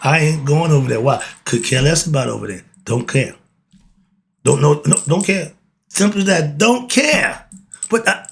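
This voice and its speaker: A man with a creaky, mid-range voice hosts a philosophy talk channel, delivering a casual, blunt monologue. He laughs often and asks and answers his own questions.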